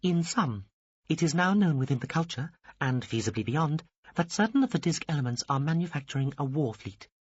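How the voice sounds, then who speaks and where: A man doing a high, prim little alien officer. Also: expressive, brisk, breathy edge, no echo. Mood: formal. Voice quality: high, stiff bureaucratic delivery. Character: small formal alien officer, fussy and pompous. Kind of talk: audiobook character reading. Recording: dull lo-fi dry recording.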